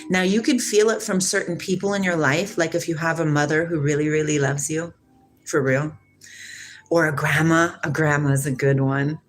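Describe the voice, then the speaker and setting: Answering her livestream chat, a Washington state woman in her forties reflects casually on spirituality and laughs a lot. She speaks in a low, steady tone at a moderate pace, and faint music plays behind her.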